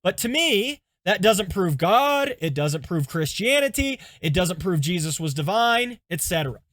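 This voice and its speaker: A man's voice: high-pitched, very animated, unhurried, a bit bright, no echo, heavily acted. A man voicing a casual skeptic who shrugs off the argument in an offhand way.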